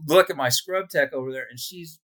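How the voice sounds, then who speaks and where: A man's voice: on the high side, a little fast. A man who works as a nurse, telling funny work stories in casual chat and laughing along. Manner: laughing, animated anecdotes. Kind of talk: casual storytelling.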